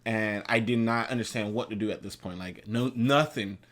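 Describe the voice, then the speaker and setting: A man's voice: on the low side, normal speed, a bit bright. Laid-back young man reflecting casually. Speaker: vlogger and husband. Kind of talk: casual chat with his wife.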